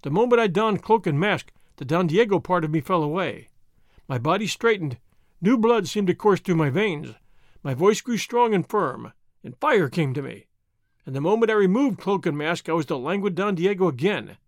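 A man's voice: sits high, lively intonation, normal speed, no room sound, clean studio sound. A man voicing a courteous, wry masked swordsman who speaks with easy gallantry. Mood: reflective. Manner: courteous, wry, languid at times.

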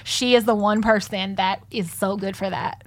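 A woman's voice: mid-range voice, steady tone, normal speed. A young woman in a casual chat, blunt and profane, laughing often.

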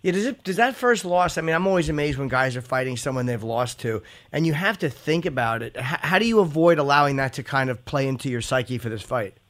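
A man's voice: mid-range voice, animated, quick pace, hardly any pauses, a bit bright. A man co-hosting a podcast, chatting casually with crude, blunt humor. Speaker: podcast co-host. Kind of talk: casual chat.

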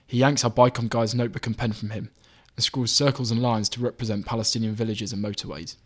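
A man reading his own magazine article aloud in measured, even scripted narration. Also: lowish voice.

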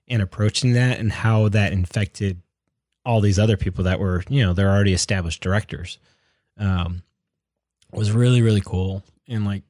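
A man's voice: lowish voice, a little mellow, no echo, studio quality. A young man chatting casually as a podcast co-host, rambling with lots of fillers and restarts. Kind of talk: casual chat.

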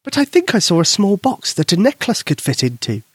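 A man doing a squealing, excited little girl. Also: high voice, fairly quick, breathy edge, no room sound, voice pushed up, exaggerated voice.

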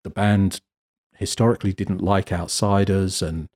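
A British man telling a lively, self-deprecating story as a guest photographer in a casual interview. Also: sits low, a little slow. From Britain. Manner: animated, self-deprecating, acts out quotes.

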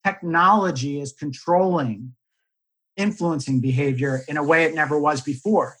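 Measured man with a husky voice. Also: a little high, a bit bright, low-quality recording. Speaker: podcast host. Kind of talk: podcast conversation.

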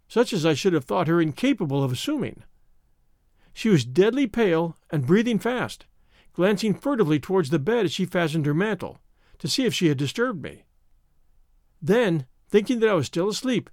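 A man's voice: high-pitched, no echo, studio quality. A man narrating a classic story in the first person, reading expressively as an audiobook narrator.

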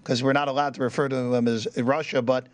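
A man co-hosting a sports betting show, giving a quick results update with filler words. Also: mid-range voice, level tone, no echo. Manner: brisk recap with fillers. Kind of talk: casual radio show chat.

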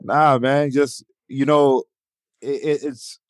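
A man in his thirties from Atlanta speaks thoughtfully, circling back with "you know" as he goes. His pitch is ordinary, and the dry recording carries no room sound. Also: fairly even intonation, takes it slowly, no room sound. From Atlanta, USA. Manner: reflective, with frequent "you know". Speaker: guest. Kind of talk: casual conversation.

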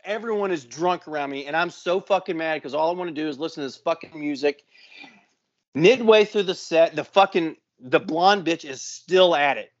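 A man in his forties, a podcast co-host, telling a profane story with lots of swearing and loud sound effects. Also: fairly high pitch, normal speed, no echo, muffled recording. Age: 40s.

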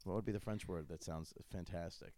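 A man's voice: sits low, fairly even intonation, brisk, mellow, no echo. A man hosting a casual chat, a crude, joking storyteller who restarts his sentences a lot. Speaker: podcast host.

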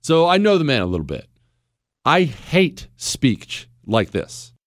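A man's voice: mid-range voice, huge pitch swings, measured pace, dry recording. A man hosting a radio talk show, delivering a blunt, emphatic and sarcastic monologue into a studio microphone.

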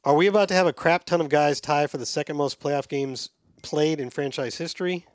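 A man's voice: on the high side, brisk, dry recording, studio quality. Chatty man hosting a sports podcast. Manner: chatty, self-deprecating, reads emails aloud. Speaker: podcast host reading listener emails. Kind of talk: casual sports chat.

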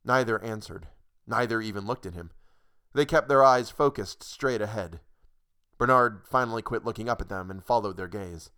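A man's voice: on the low side, normal speed, a bit bright, clean tone. Man reading a short story aloud. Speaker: narrator.

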